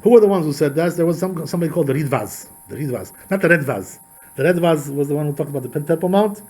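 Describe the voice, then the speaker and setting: Fast-talking rabbi. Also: male voice, fairly high pitch, animated, darkish tone, breathy edge. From Georgia. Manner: emphatic, full of rhetorical questions and repeated phrases. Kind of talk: Torah lesson.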